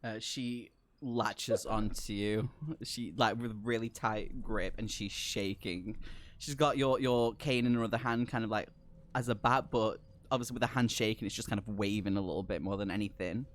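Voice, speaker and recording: A man's voice: lowish voice, fairly even intonation, normal speed. A man narrating a tabletop horror game as game master, describing scenes with lots of filler words.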